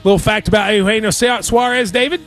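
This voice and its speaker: A man's voice: sits high, steady tone, quick pace, fairly bright tone, soft background music. A man hosting a sports radio show, bantering in a jokey, playful way.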